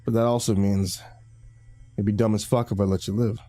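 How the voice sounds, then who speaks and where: A man voicing a smug, cold-blooded male killer who speaks low, quiet and unhurried. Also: flat delivery, dry recording, lightly acted.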